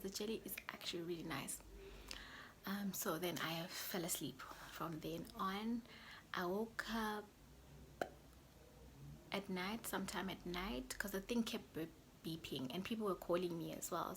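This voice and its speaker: A young woman vlogger telling a personal story in a chatty way, often dropping to a soft whisper. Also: on the low side, vocal fry, noisy background. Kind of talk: casual storytelling to camera.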